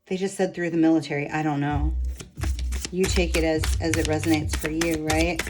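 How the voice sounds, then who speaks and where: A woman leading a guided energy healing session, gently instructing a client and meandering with many ums and likes. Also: sits low, little pitch movement, moderate pace, music in the background, poor audio. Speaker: spiritual energy healer.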